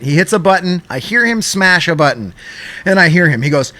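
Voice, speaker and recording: Bright-voiced, high-pitched young man telling stories. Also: brisk, no echo. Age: young adult. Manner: animated storytelling, frequent swearing. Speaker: podcast co-host. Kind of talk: casual chat.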